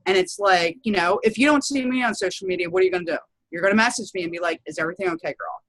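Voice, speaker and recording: A woman's voice: mid-range voice, big pitch swings, rapid-fire, a bit bright, dry recording, poor audio. A woman teacher in casual chat, talking in a chatty, laughing and blunt way with frequent swearing.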